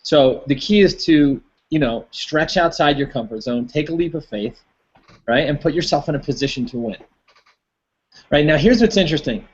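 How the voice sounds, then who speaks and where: A man's voice: fairly high pitch, expressive, moderate pace, slightly rough, lo-fi sound. A man giving a rambling motivational talk as host of an online hangout, full of fillers and folksy stories. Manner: rambling, filler-heavy, tells a folksy story.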